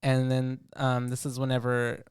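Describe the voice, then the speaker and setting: Smooth-voiced man recapping a movie casually. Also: medium pitch, monotone, dry recording, clean studio sound. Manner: laid-back, drops to mumbles, acts out characters in quick bursts. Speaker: podcast co-host.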